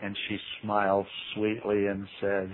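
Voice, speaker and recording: Animated man preaching with humor. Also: a little slow, a crowd in the background. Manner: animated storytelling with big pitch leaps; acts out quotes in voices. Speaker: Bible teacher. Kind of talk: humorous sermon. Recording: tinny radio broadcast with faint hiss.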